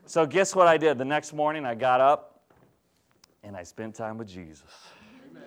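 Man preaching, storytelling sermon, conversational, smooth clear tone. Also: mid-range voice, lively intonation, moderate pace, pauses often. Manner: candid, conversational, asks the congregation rhetorical questions. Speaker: pastor.

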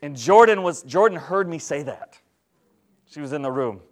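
A man's voice: a little high, animated, moderate pace. A male pastor giving a candid, conversational sermon to his congregation, often asking them rhetorical questions. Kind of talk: storytelling sermon.

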